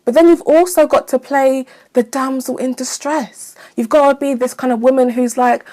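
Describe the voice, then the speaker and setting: A woman's voice: high-pitched, fairly even intonation, moderate pace, few pauses, warm tone. Frank, chatty woman. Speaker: astrology vlogger. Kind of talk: casual advice monologue.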